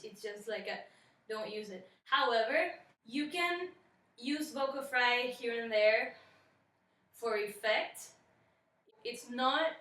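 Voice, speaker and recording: A young woman explaining singing techniques in a brisk, explanatory vocal tutorial. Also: on the high side, a bit bright, echoey room, distant mic. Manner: brisk and explanatory, demonstrates effects with her voice. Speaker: singing teacher.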